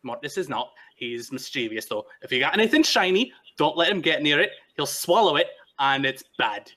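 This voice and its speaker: A man's voice: on the high side, animated, normal speed, bright, forceful tone. A man voicing an eager, chatty male woodland hermit who talks in a raised, stammering voice. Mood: cheerful.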